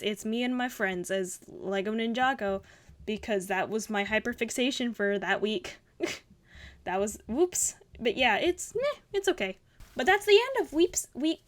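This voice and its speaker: A young woman hosting a casual art review, gushing and rambling with lots of fillers. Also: on the high side. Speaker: art channel host. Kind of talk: casual art critique commentary.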